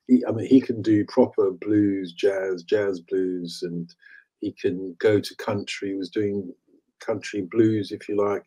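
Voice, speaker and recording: Mellow husky man chatting. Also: on the low side, rough recording. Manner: opinionated, chatty, laughs easily. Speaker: radio co-host. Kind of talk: casual chat about old chart songs.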